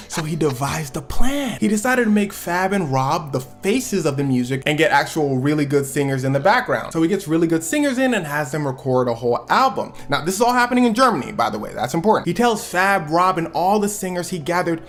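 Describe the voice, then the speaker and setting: A man's voice: on the high side, very animated, fairly quick, hardly any pauses, a bit bright, soft background music. An American man telling a story with comedy, using slang and acting out quoted people in different voices. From United States. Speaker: YouTube storyteller and reviewer.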